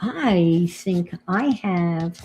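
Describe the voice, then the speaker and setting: A woman's voice: lowish voice, lively intonation, drawn-out words, mellow, dull audio, a little hiss or hum. An older woman with a New York accent, chatting casually to viewers on her crafting livestream while she works. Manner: chatty, thinks aloud while working, greets viewers.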